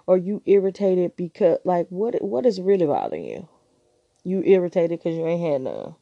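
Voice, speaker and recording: A woman's voice: lowish voice, big pitch swings, normal speed, creaky, no room sound, highs cut off. A woman hosting a relationship advice podcast, talking frankly and teasingly in a casual monologue.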